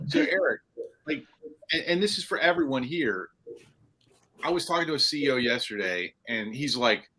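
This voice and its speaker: A man joining a casual panel chat, eager with his questions and quick to retell conversations. His voice is bright and forceful, at an ordinary pitch. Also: lively intonation, poor audio. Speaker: panel guest.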